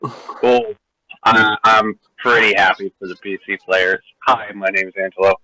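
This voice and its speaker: A man's voice: lowish voice, little pitch movement, a little slow, sharp tone. A man joining a casual chat, hesitant, with many uhs. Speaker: caller in a chat. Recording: lo-fi online voice chat.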